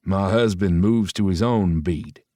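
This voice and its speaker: A deep, growly Texan man, as a male narrator puts him on drawls slowly in a low register. His speech is easygoing and unhurried. The read is dry and close. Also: mellow, dry recording. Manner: slow drawl. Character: deep-voiced Texan man, laid-back and loyal.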